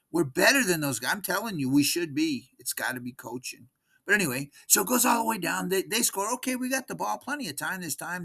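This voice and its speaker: Here a man in his sixties vlogs about his team's game, recapping it in a rambling, exasperated way with frequent repetition. His voice is fairly high and creaky, with a fairly bright tone and a breathy edge.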